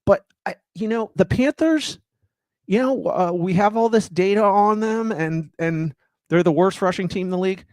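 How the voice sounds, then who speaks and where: A man's voice: high-pitched, normal speed, darkish tone, no echo. A man co-hosting a fantasy football show, talking in a loose, rambling way with many restarts and fillers. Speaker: fantasy football podcast co-host. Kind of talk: casual chat.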